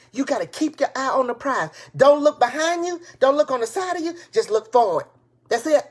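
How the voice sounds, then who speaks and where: An excited woman preaching encouragement in a live-streamed motivational talk, recorded on a tablet. Her voice sits on the higher side, and she drives her points home by repeating them in casual, folksy phrasing. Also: breathy edge. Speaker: motivational speaker and business coach. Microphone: tablet device.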